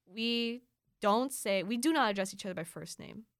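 A woman's voice: on the high side, expressive, no room sound, studio quality. A young woman from the Philippines whose first language is Filipino, chatting casually and playfully as a guest. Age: young adult. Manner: chatty, quick asides and playful voices. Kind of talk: casual chat.

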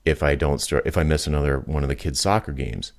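A man's voice: a bass voice, quick pace, vocal fry. A man voicing a worn-out turtle who owns a business, in a pleading, harried way, as he retells a comic strip.

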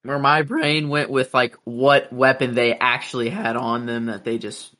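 A man in casual chat, eager and restless, thinking out loud. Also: mid-range voice, flat delivery, unhurried.

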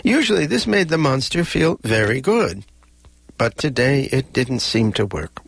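A man narrating a recorded children's story with expressive character voices. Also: mid-range voice, measured pace, gravelly, breathy edge, no echo.

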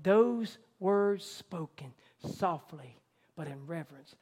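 A man with a notably high voice preaches a sermon from the pulpit. He drops to a hushed softness, then builds to a loud, climbing fervor. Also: a little slow. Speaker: pastor.

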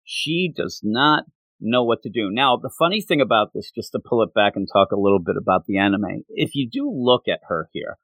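A man in casual chat, recapping a manga and jumping into high voices to quote its characters. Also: moderate pace, no room sound. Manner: animated, jumps into high voices quoting characters. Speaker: podcast co-host.

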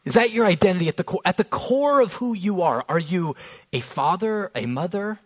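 A man in his thirties preaching a sermon, earnest, slowing down on key phrases and telling family stories along the way. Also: high-pitched, expressive, rough recording. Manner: storytelling with family anecdotes. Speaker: pastor.

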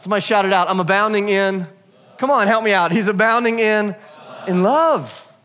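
A man in his thirties preaching a lively, humorous sermon to his congregation, calling on them to answer. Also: sits high, fairly quick. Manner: energetic, humorous, calls out to the congregation. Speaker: pastor.

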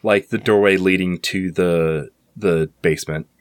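A man running a tabletop game as game master, casual and relaxed. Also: low-pitched, measured pace, dry recording, studio quality.

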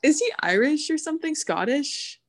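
Casting: young female guest, lively pitch, excitable laughter. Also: moderate pace. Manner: laughing, enthusiastic. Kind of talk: casual chat.

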